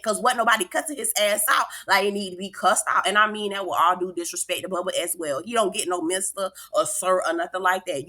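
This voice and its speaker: A woman hosts a casual reality TV recap. She talks straight to her viewers in a sassy, emphatic way. Her voice has a bright, crisp edge at a middle pitch. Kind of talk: casual commentary vlog.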